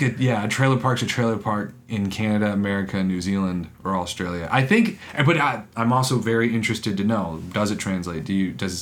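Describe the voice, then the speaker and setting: A man co-hosting a podcast in casual chat, rambling and halting, often breaking into laughs. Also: on the low side, fairly bright tone. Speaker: podcast co-host.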